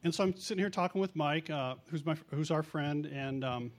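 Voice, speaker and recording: Middle-aged guy preaching, tells stories, bit high voice, jokes on himself. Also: a little fast. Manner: chatty, self-mocking, acts out quotes. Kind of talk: storytelling sermon.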